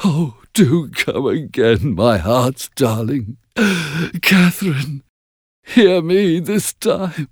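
A man's voice: a little high, sing-song, unhurried, vocal fry, fairly bright tone, no echo, studio quality, pitched above the performer's own voice, exaggerated voice. A man voicing a tormented, volatile master of the house in a storybook reading, in a strained raised voice. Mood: sobbing.

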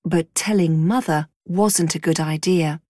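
A woman narrating a storybook in a clear, measured way. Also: low voice, warm tone, dry recording, clean studio sound.

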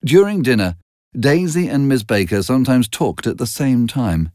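An audiobook narrator, a man with a medium-pitched voice, reads a story aloud in a measured, expressive way. The clean studio sound has no room sound.

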